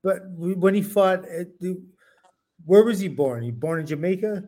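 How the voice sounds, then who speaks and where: A man's voice: high voice, normal speed, mellow. A man co-hosting a podcast, pushing back on his partner in casual debate and laughing easily. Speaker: podcast co-host.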